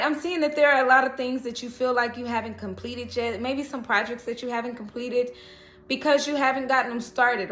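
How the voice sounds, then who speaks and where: A woman with a slightly high voice gives a casual tarot reading. She talks in a chatty, encouraging way and laughs often. The room around her is echoey. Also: fairly bright tone, slight background noise. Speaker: tarot reader.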